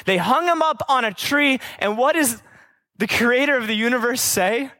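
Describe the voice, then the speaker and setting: A man with a high voice preaches a sermon. He drives each point home with repeated rhetorical questions and drops into casual, conversational asides. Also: normal speed, pushed and bright.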